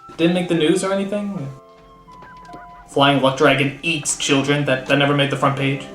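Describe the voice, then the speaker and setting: A man reviewing films in a sarcastic comedic rant, with explosive shouting outbursts. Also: fairly high pitch, steady tone, moderate pace, echoey room, soft background music. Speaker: comedic film critic.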